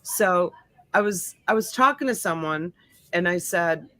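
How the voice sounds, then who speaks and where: A woman's voice: fairly low pitch, expressive, measured pace, sharp tone, no echo. A middle-aged woman, born in Sicily and raised in the US, hosting a casual livestream and greeting viewers by name. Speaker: livestream host. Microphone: desk USB mic.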